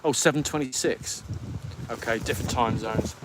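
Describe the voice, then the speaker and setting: A man's voice: mid-range voice, moderate pace, very noisy. A man from the UK hosting a podcast live stream, chatting casually and rambling as he reads out viewer comments. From United Kingdom. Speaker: podcast host.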